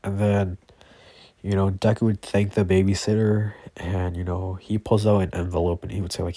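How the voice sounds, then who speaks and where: A man's voice: deep voice, level tone, moderate pace, dark tone, no echo. A man casually improvising a fan story, rambling with many fillers and self-corrections.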